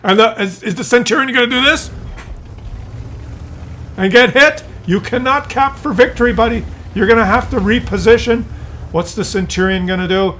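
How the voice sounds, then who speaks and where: A man's voice: very high voice, moderate pace, bright, forceful tone, slight background noise. A man giving exasperated, incredulous commentary over a game replay. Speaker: gameplay commentator.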